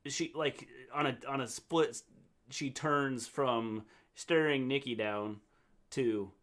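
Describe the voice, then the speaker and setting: An older man co-hosting a casual livestream recap, talking in a relaxed, halting way with repeated words. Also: medium pitch. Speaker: co-host, the host's father.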